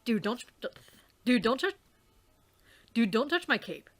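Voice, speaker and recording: A woman voicing a cool, deadpan teenage boy who talks low and flat. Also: measured pace.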